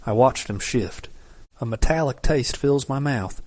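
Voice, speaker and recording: A man reading a romance audiobook in scripted narration, steady and measured. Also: medium pitch, dry recording.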